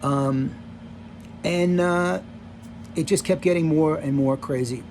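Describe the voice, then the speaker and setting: A man's voice: a little high, fairly even intonation, slow, a little mellow, a little hiss or hum. A man in his sixties casually telling stories from his past on camera, rambling and full of "you know" and "like". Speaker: vlogger telling rock-tour stories. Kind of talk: casual storytelling.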